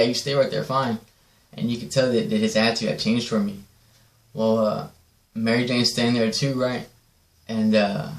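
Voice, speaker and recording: A man's voice: fairly low pitch, vocal fry. A man casually telling a rambling personal story, swearing often and checking in with "right?". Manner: profane, rambling, repeats "right?". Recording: echoey room.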